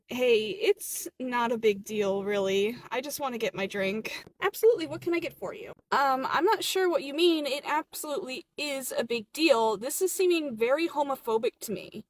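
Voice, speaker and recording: High-voiced woman in a café skit. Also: normal speed, few pauses, a little hiss or hum. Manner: playing barista and customers, flustered and indignant. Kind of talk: comedy skit acting.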